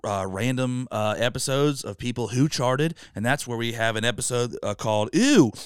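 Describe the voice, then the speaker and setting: Clear-voiced man co-hosting a podcast. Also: medium pitch, moderate pace, no room sound, studio quality. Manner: laid-back, joking, rambling explanations. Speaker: podcast co-host. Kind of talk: casual podcast chat.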